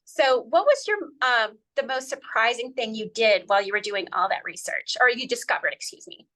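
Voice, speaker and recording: A woman's voice: a little high, animated, normal speed, pushed and bright. A woman hosting a podcast interview, chatty and bubbly, asking questions in a casual way. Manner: bubbly, chatty, laughs often. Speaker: podcast host.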